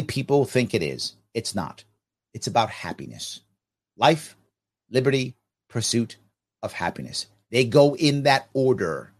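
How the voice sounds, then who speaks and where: Answering viewer comments on his podcast, a man with a medium-pitched voice chats casually. He's emphatic and animated, and he keeps throwing rhetorical questions at himself.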